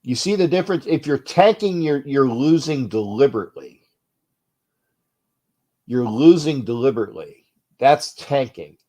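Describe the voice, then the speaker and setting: A man hosting a sports fan talk show with a stuffed-up nose, rambling and restarting, his level swinging from low mutters to loud bursts. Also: animated, moderate pace, pauses often. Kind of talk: uncensored fan rant show.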